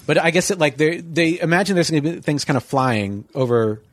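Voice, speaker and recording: A man's voice: a little high, fairly quick, no room sound. A man telling a long story in casual chat, rambling with lots of "like" and "you know".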